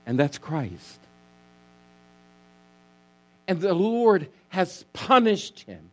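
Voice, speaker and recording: A man's voice: high-pitched, sing-song, very slow. A male pastor preaching a sermon, emphatic and repetitive, calling on the congregation to answer. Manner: emphatic preaching, repeats key words, asks congregation to respond.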